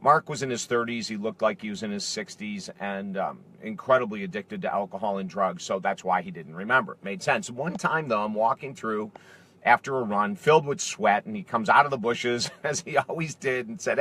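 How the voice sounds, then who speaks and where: A middle-aged man, an author and speaker, tells a personal story straight to camera and acts out the dialogue with lively energy. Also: lowish voice, a little fast. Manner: animated, acts out quoted dialogue. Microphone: camera facing speaker.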